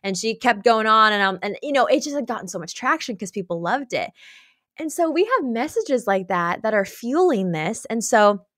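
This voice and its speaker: A woman's voice: a little high, sing-song, normal speed, fairly bright tone, dry recording, clean studio sound. A woman speaking earnestly and openly as a guest in an interview, with light laughs between thoughts. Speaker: podcast guest, author. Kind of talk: candid conversational interview.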